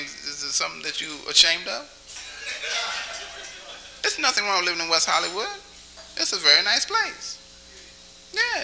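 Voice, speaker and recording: A man doing stand-up comedy on a club stage, teasing the audience with quick, jokey questions. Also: high voice, vocal fry, sharp tone, low-quality recording. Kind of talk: stand-up crowd work.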